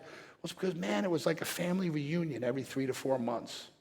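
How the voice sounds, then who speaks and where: This seminar speaker talks quickly in a fairly high, slightly mellow voice with vocal fry. Addressing fellow practitioners from a stage, he's blunt and motivational, telling stories and acting out quotes, with long hall reverb around him.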